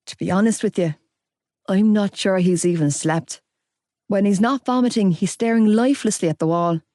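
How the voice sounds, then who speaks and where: A calm, caring middle-aged woman in an audiobook, gentle and measured, as a female narrator reads her. The voice is mellow and dry. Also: medium pitch, no echo, close to an everyday voice. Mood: gentle concern.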